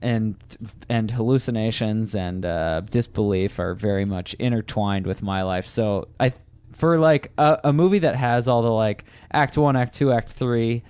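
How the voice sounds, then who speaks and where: A man's voice: on the low side, a little slow, a little mellow, smooth, no room sound. A man chatting casually about a movie, telling a rambling, profane personal story full of fillers and restarts. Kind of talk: casual chat.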